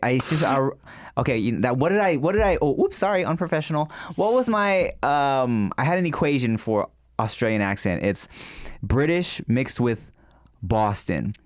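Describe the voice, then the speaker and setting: A man co-hosting a casual comedy podcast, joking as he goes. He stammers through restarts, and his pitch swings widely. The sound is dry and close. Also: lively intonation, normal speed, no room sound. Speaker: podcast co-host.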